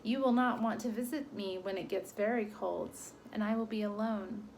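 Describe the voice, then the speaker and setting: A woman voicing a gloomy, lonely ram who speaks in slow, sighing, solemn phrases. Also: medium pitch, a little mellow, a little hiss or hum, close to an everyday voice, rough recording. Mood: weary.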